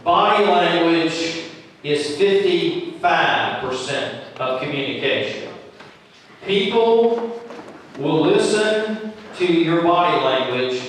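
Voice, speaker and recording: A man's voice: on the high side, lively intonation, slow, fairly bright tone, slight background noise. A man leading a church training session, talking conversationally and acting out quoted lines as examples. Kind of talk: training talk to volunteers. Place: church room. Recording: echoey room from far off.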